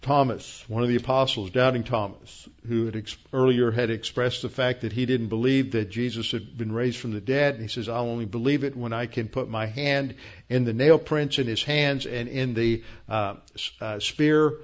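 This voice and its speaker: A man preaching a verse-by-verse Bible lesson in a plain explaining tone, often pausing on fillers and restarting sentences. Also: medium pitch, muffled recording. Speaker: pastor. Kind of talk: Bible teaching sermon.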